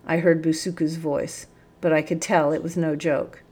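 Lady narrating a storybook, kinda low voice, steady and expressive. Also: normal speed. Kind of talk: storybook reading aloud.

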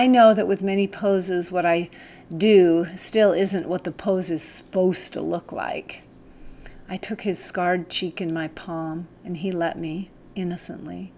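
A woman narrating a first-person novel as an audiobook, in a calm, measured, gentle reading voice. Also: fairly low pitch.

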